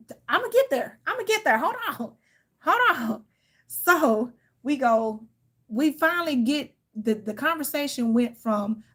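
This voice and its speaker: A woman, telling a heated, profane story to her viewers. She sounds tired and irritated. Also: on the high side. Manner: heated, profane, animated storytelling with quoted outbursts. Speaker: tarot reader and channel host. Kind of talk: casual venting story to viewers.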